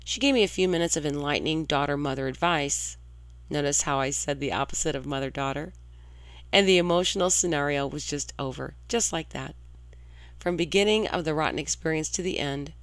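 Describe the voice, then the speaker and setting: A woman's voice: low voice, brisk, no echo. A woman in her forties from St. Louis, hosting an internet radio show with a chatty, confiding and emphatic delivery. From St. Louis, Missouri. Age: 40s. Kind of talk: scripted monologue.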